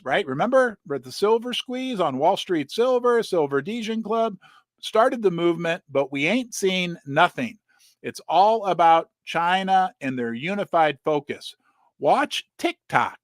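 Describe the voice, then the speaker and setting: Male host, higher voice, very animated delivery, sarcastic commentary, dry close sound. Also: no room sound. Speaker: precious metals commentator. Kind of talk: casual commentary reading articles aloud.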